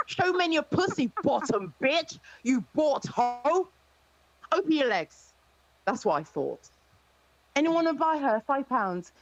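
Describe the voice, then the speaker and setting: A woman's voice: medium pitch, low-quality recording. A woman taunting and mocking someone over and over in a heated insult exchange on a live stream.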